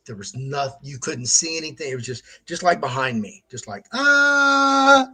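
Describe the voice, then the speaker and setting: A man's voice: medium pitch, brisk, fairly bright tone, breathy edge. A middle-aged man hosting his own show, telling a story in a casual monologue, laughing often and swearing freely. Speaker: show host.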